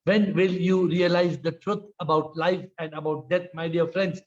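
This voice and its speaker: Older man, Indian English accent, spiritual teacher, storytelling, high voice, dull video-call sound. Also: fairly even intonation, normal speed. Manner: storytelling, acts out quoted voices, frequent "huh?".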